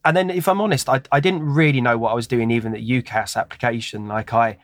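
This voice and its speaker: A man in a casual interview, wandering through anecdotes with plenty of fillers, false starts and self-deprecating asides. His voice sits at an ordinary pitch, recorded close and dry with no room sound. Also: steady tone, fast, dry recording. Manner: rambling, self-deprecating storytelling with many fillers. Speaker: guest.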